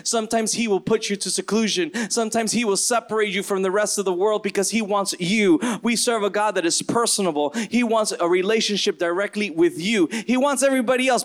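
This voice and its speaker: A man with a fairly high voice preaching a sermon. He slows for scripture readings and acts out quoted voices, his pitch leaping up and down. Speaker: pastor.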